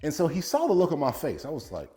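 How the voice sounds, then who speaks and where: A man's voice: on the high side, wildly swooping pitch, quick pace, mellow, soft background music. A man, a former football player turned business coach, telling a story to camera and quoting a friend aloud with frequent laughs.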